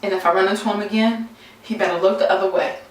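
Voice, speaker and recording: A young woman tells a story casually to her camera, animated and exasperated, acting out what people said. Her voice sits at a middle pitch. The room is very echoey and the mic is well away from her. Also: fast talker, recorded from a distance. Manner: animated, exasperated, acts out quotes. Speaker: vlogger.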